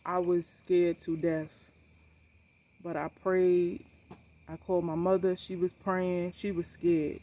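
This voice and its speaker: A woman's voice: fairly low pitch, slow pace. Blunt, cussing woman telling a story. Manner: blunt, animated, swears freely; emphatic, repeats points for stress. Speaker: vlogger sharing her cancer journey. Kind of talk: casual storytelling to camera.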